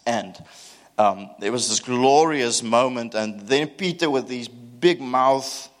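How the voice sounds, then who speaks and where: A man preaching a sermon, telling the story in an animated way with self-mocking humor. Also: medium pitch, slow.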